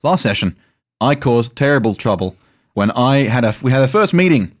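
A man's voice: mid-range voice, lively intonation, moderate pace. A man with an Australian accent co-hosting a comedy podcast, cracking jokes in a casual chat. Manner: wisecracking. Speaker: podcast co-host.

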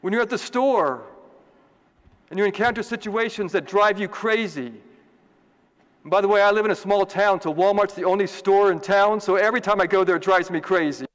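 A man's voice: high voice, brisk, a bit bright, big-room sound. A man, a priest, giving a homily in a conversational, joking way and asking the congregation questions.

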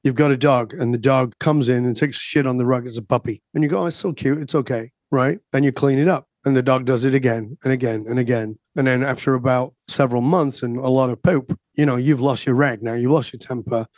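A man's voice: mid-range voice, steady tone, brisk, hardly any pauses, a little mellow, no echo. A man guest on a podcast, speaking with emphatic, preachy conviction. His voice sits in an ordinary middle range and sounds close and dry, with no room around it. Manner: emphatic, rising to preachy intensity. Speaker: guest coach. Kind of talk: podcast interview.

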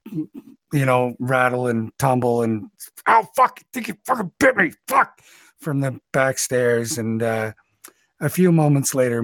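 A man's voice: mid-range voice, dry recording. A man narrating a tabletop game as game master in a loose, descriptive way.

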